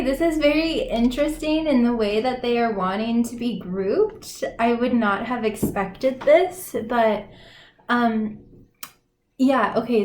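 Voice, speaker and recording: A woman's voice: on the high side, darkish tone. A woman giving a casual intuitive oracle card reading, exclaiming and laughing often, with many fillers. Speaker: tarot and oracle card reader. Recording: echoey room, faint noise.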